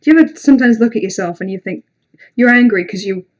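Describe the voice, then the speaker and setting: A woman's voice: a little high, fast, darkish tone. A woman hosting a casual livestream, chatting with viewers in a rambling, self-deprecating way with lots of ums and some swearing. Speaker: livestream host.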